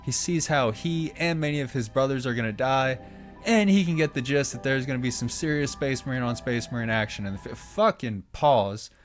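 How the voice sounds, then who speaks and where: A man narrating a comedic video recap in a sarcastic, profane style with quick asides. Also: medium pitch, soft background music. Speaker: channel host.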